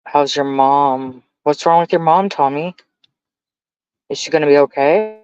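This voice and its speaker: A woman's voice: deep voice, measured pace, darkish tone, clean tone, dry recording. Woman streamer, profane rambling rant, muffled dry mic. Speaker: livestreamer. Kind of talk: casual live-stream rant. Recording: dull dry lo-fi stream audio.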